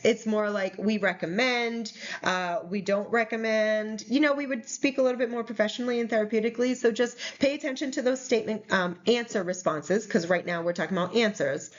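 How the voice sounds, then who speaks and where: A woman's voice: mid-range voice, lo-fi sound. A woman teaching a recorded nursing lecture in a conversational, explanatory way with frequent fillers. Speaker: nursing instructor.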